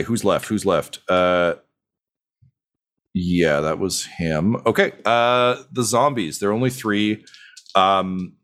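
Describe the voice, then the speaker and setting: A man with a lowish voice narrates a tabletop role-playing game as game master. He rambles casually, fills pauses with ums and uhs, and chuckles as he goes. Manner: relaxed and rambling, many fillers, laughs easily.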